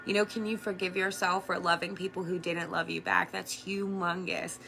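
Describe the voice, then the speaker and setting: A woman's voice: fairly low pitch, level tone, moderate pace, vocal fry, pushed and bright, soft background music. A woman who works as an energy worker and coach, talking earnestly and chattily to her viewers, swearing casually and laughing often. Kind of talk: casual motivational talk to camera.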